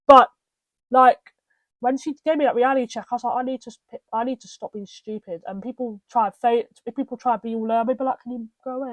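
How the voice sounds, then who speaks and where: A woman's voice: mid-range voice, dry recording. A young British woman hosting a podcast, telling personal stories in a rambling way, full of restarts and asides. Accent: British English. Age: young adult. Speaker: podcast host. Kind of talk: casual personal storytelling.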